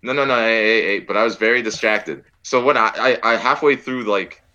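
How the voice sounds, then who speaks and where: Deep-voiced young man rambling casually. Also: fairly quick, pushed and bright, highs cut off. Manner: rambling, laughing, goofy storytelling. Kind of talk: casual chat.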